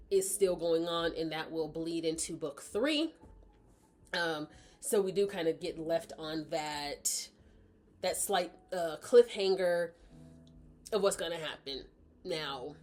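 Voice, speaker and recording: A woman chatting casually as she reviews a book, rambling and often correcting herself. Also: on the low side.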